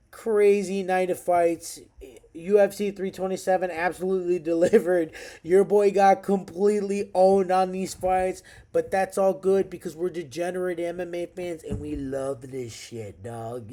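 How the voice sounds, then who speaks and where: Excitable, profane man in his thirties. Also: sits high. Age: 30s. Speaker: MMA fight recap vlogger. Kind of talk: casual fight recap monologue.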